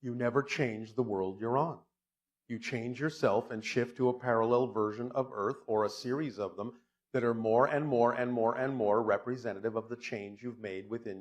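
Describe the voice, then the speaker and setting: A man's voice: mid-range voice, moderate pace. A man speaking as a channeler, answering audience questions bluntly and often turning them back with his own probing questions. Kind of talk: live question-and-answer session.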